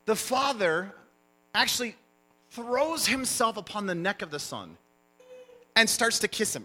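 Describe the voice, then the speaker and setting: A man preaching a sermon, telling stories with animated emphasis as the pastor. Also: sits high, moderate pace. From United States. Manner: animated storyteller, lively emphasis.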